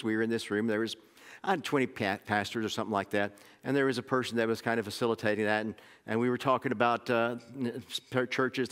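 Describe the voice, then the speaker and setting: A man's voice: on the low side, a bit bright. A middle-aged man from Oklahoma, preaching a sermon in a folksy storytelling way with many restarts. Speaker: pastor. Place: church sanctuary. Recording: long sanctuary reverb.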